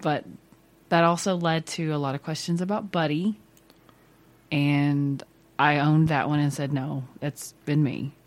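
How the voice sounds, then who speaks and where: A mother chatting casually about her family, talkative and quick to laugh. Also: low-pitched, fairly even intonation. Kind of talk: casual chat.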